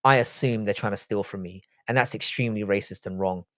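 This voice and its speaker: A man's voice: lowish voice, a little fast, fairly bright tone, dry recording, studio quality. A man hosting a livestream in a casual, offhand and profane way, reading chat messages aloud and replying to them. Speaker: livestream host.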